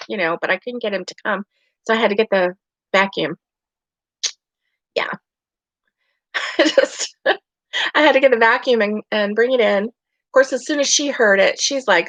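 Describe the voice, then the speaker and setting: A woman's voice: medium pitch, normal speed, long pauses, fairly bright tone, dry recording. A woman hosting a casual live stream from her home, chatty and rambling, laughing often. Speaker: livestream host. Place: home bedroom. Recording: dry, dull lo-fi sound.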